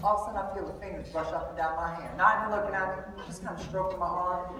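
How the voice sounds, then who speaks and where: A man's voice: sits high, fairly even intonation, rapid-fire. A man giving a humorous motivational talk to a live audience, telling a story with playful comic timing. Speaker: motivational speaker. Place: large hall with live audience. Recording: echoey hall, far off, crowd noise.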